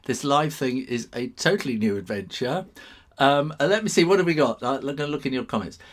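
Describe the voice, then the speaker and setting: A man's voice: mid-range voice, lively intonation, brisk. Man, middle-aged, live drawing-stream host, rambling, chuckling, casual chat. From England. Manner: chatty, chuckling, rambling asides.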